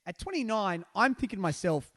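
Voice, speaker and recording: A middle-aged man telling a dramatic anecdote in a lively, theatrical way, jumping up in pitch to act out the people in it. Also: fairly quick, long reverb tail. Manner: dramatic storyteller, acts out quoted people with big pitch jumps. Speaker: storyteller guest.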